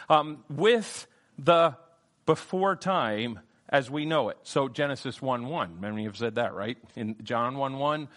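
A man preaching a verse-by-verse Bible lesson with a somewhat high voice. He hammers on key phrases, repeating them and letting his voice leap and drop for emphasis. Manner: emphatic, repeats key phrases, wide swings in pitch and loudness. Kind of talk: Bible teaching sermon.

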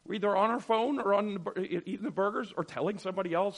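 A man's voice: sits high, fast, few pauses. A middle-aged man teaching a Bible class, sarcastic and acting out the voices he quotes.

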